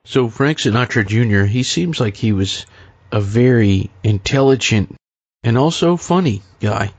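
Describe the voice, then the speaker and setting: A man hosting an interview, speaking in a measured, appreciative way. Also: medium pitch, expressive, breathy edge, no echo. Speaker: host. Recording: dull lo-fi and dry.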